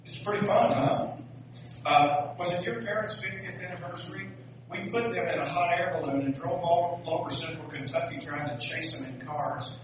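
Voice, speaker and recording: A man's voice: fairly high pitch, moderate pace, noisy background. A pastor with a Southern US accent preaching a sermon, folksy and joking as he tells stories. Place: church sanctuary. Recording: echoey hall, distant dull mic.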